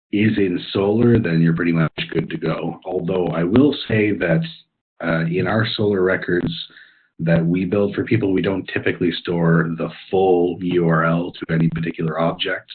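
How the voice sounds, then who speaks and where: Low-voiced man on a tinny webinar line. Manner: informal, thinking aloud with frequent ums and uhs. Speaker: technical expert answering audience questions. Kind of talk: webinar Q&A explanation. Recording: tinny phone-like webinar audio.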